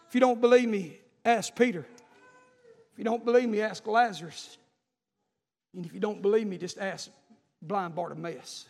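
A male preacher with a strikingly high voice delivers a fervent sermon. He swings between shouted peaks and quiet, pleading passages. The sanctuary's long reverb carries every word. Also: unhurried, long pauses. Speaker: pastor. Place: church sanctuary.

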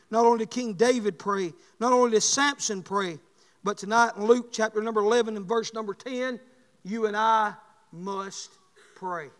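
A man preaching a sermon, telling folksy stories and rising to loud bursts. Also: high-pitched, in a large hall.

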